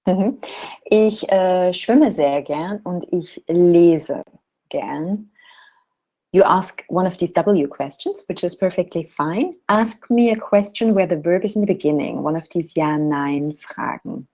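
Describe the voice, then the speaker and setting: A woman's voice: fairly low pitch, unhurried, darkish tone, rough recording. A woman teaching a class, patiently explaining and modelling example sentences. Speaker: German teacher. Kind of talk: online language lesson.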